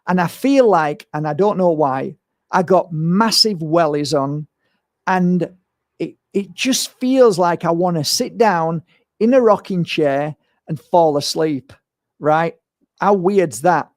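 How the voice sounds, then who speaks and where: A man's voice: fairly high pitch, lively intonation, slow pace, no room sound, studio quality. A man, a spiritual medium, talking bluntly and emphatically in a rambling monologue to camera. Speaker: spiritual medium and crystal seller.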